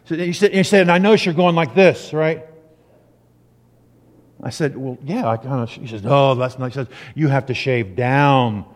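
Animated male preacher in a reverberant hall. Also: fairly high pitch, normal speed, pauses often. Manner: animated storyteller, acts out quotes. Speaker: pastor. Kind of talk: sermon.

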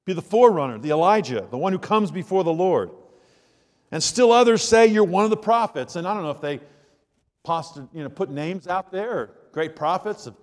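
A man's voice: sits high, long reverb tail. A male pastor preaching a sermon in a conversational, joking storytelling manner with asides to the congregation.

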